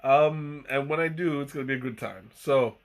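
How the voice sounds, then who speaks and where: A man chats loosely on a live stream about tea, full of fillers and false starts. His voice sits at an ordinary middle pitch, relaxed and unhurried. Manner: rambling, hesitant, many fillers and restarts. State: hiccuping. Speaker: tea livestream host. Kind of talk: casual live-stream chat.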